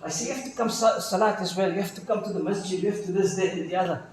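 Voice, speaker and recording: Man, South African accent, imam, sermon stories, casual slang, booming reverberant hall, faint room hum. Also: rapid-fire, darkish tone. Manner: retells stories with quoted dialogue, casual slang. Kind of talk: sermon storytelling. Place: mosque hall. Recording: very echoey mosque hall.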